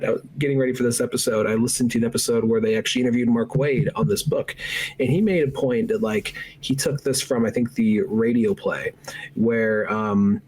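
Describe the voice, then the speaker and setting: A man's voice: medium pitch, a little mellow, husky, rough recording. A man co-hosting a podcast, talking casually and rambling through a comic book story. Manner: rambling, acts out panels in quick voices. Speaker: podcast co-host.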